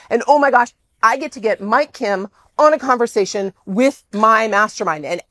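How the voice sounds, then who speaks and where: A woman speaking to an audience, telling a story in an animated way and acting out the dialogue. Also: a little high, no echo. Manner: animated, exclaims often, acts out quoted dialogue.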